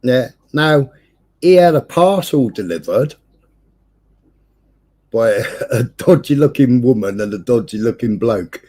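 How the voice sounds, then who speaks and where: A man, hosting a livestream and telling a neighbourhood story in casual chat, swearing nonstop with animated delivery. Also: medium pitch, measured pace, long pauses. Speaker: livestream host. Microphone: streaming setup.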